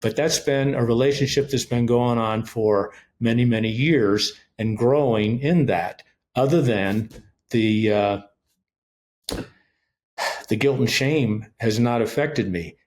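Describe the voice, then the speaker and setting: A man's voice: mid-range voice, darkish tone. Earnest middle-aged man telling his testimony. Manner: earnest storyteller, retells events with quoted dialogue. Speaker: guest, ministry leader. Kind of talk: personal testimony in a podcast interview.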